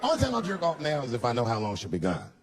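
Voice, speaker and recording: Animated fast-talking male comedian. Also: crowd noise. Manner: animated, acts out voices of son and wife with big pitch jumps. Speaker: stand-up comedian. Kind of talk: stand-up comedy storytelling. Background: audience laughter.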